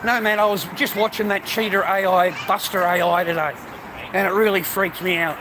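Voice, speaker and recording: A man's voice: high voice, steady tone, normal speed, background noise. A middle-aged Australian man in an aggressive, profane ranting monologue, swearing and repeating himself. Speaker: vlogger.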